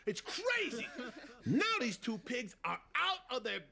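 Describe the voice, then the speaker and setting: A brash, animated man with a New Jersey accent tells a children's story the way a mobster would. His voice sits high and bright, with a gravelly texture and pitch that swings widely. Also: a little slow. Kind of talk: film comedy acting.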